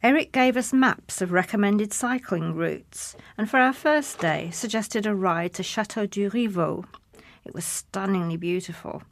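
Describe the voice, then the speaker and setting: A woman's voice: medium pitch, measured pace, vocal fry. A woman reading a humorous personal essay aloud in a wry, self-mocking manner. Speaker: essay reader.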